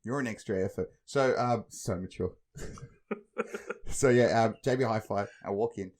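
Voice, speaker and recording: With a fairly low voice at a moderate pace, this young adult podcast co-host chats casually, launching into animated stories peppered with swearing and laughter.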